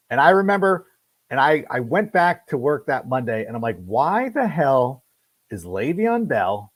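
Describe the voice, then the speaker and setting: A middle-aged man riffs through a casual sports podcast monologue, his pitch bouncing lively from low to high. He tells stories with quick self-corrections. The sound is dry and close, with no room around it. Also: no room sound. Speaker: podcast host.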